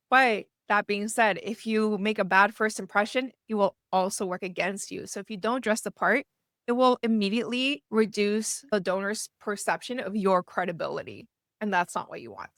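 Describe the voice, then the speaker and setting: A woman's voice: mid-range voice, a bit bright, no echo, clean studio sound. A woman who works as a fundraising consultant, giving a conversational lesson and often checking in with the listener with "right?". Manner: chatty, frequently checks in with "right?" and starts with "so". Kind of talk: conversational teaching talk to camera.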